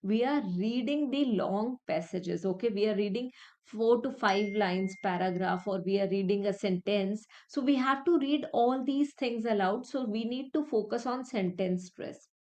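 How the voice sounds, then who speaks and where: A woman's voice: medium pitch, moderate pace, a little mellow. A young woman teaching an exam-prep lesson, explaining each point step by step and repeating it with many "okay"s. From India. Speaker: English test tutor.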